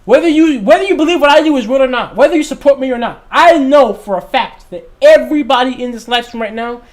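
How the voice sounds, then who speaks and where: A man's voice: very high voice, expressive, fast. A young man hosting a livestream, talking in a passionate, emphatic way and repeating his points. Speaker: livestream host. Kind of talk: casual livestream talk.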